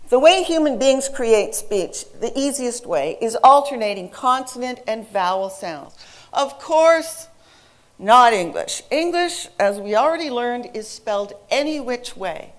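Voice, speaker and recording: A middle-aged woman from North America giving a lively, emphatic talk on stage and speaking directly to her audience. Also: on the high side.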